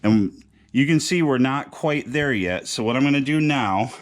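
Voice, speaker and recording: A man's voice: medium pitch, lively intonation, moderate pace. A man narrating a guitar repair how-to in a casual, joking, slangy way. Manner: laid-back, joking, slangy. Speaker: guitar repair video host.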